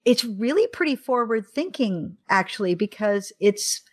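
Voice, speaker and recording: Podcast co-host: American woman, casual, animated, quick to laugh. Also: medium pitch. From United States. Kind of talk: casual chat.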